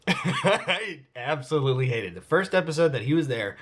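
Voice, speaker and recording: A man's voice: on the high side, very animated, a little slow, breathy edge. Casual, profane man in his forties. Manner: rambling, profane and candid, with frequent fillers. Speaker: vlog host answering viewer questions. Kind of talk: casual vlog Q&A.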